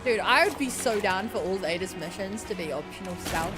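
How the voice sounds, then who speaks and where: A woman's voice: medium pitch, expressive, brisk. A woman streamer giving casual, chatty commentary while playing a game, reacting and thinking aloud. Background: game music.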